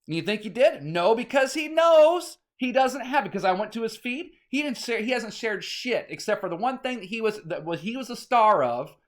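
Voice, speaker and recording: Agitated rambling man, higher voice. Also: animated, normal speed, hardly any pauses. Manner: agitated, rambling, swears often. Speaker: vlogger. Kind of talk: casual ranting monologue.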